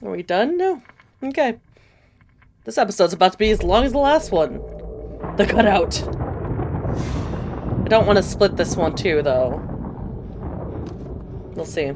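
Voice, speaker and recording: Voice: mid-range voice, animated, measured pace, pauses often, noisy background. A gameplay streamer giving casual, joking commentary while playing. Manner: chatty, joking asides. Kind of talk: casual let's-play commentary.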